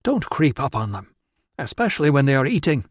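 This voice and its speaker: A sharp, indignant young tribeswoman, put on by a man reading aloud. The voice sits well above the reader's own and comes out with quick bite. Dry, close audiobook sound. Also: medium pitch, sing-song, breathy edge, dry recording, pitched above the performer's own voice.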